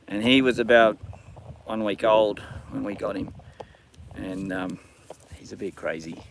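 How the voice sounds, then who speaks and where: A man's voice: lowish voice, a little slow, gravelly, long pauses, a little hiss or hum. A man with an Australian accent, live-streaming from a horse paddock on his phone, ranting and then chatting casually. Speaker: livestream host.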